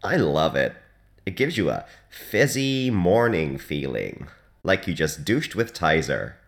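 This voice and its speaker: Super deep voiced guy doing a deadpan radio dj bit, voice swoops up and down a lot. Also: slow. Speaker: hospital radio DJ. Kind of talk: deadpan comic radio monologue.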